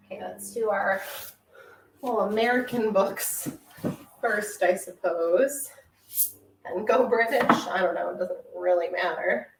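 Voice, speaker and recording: A woman's voice: medium pitch, creaky, background noise. Woman musing aloud, far from mic. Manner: chatty, musing, half to herself. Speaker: book vlogger. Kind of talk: casual chat while shelving books. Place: home room with bookshelves. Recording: roomy, off-mic with faint ambience.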